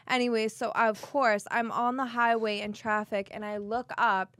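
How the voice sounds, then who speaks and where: A young woman co-hosting a faith podcast, telling stories in an animated, dramatic way. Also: fairly high pitch, unhurried, hardly any pauses, no echo. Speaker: podcast co-host. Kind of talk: casual chat.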